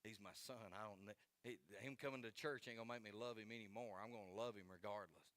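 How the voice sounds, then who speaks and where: A man's voice: lowish voice, fast, fairly bright tone, no room sound. A man, preaching a sermon in an earnest, folksy way and repeating key phrases for emphasis. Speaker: pastor.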